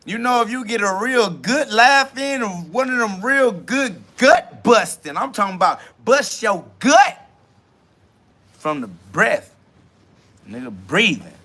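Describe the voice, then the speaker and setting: A man hosting a self-talk podcast, ranting loudly and boastfully in profane slang and mockingly imitating other people's questions. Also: sits high, very animated, slow pace. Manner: loud, boastful, swearing slang rant with bursts of laughter. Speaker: podcast host.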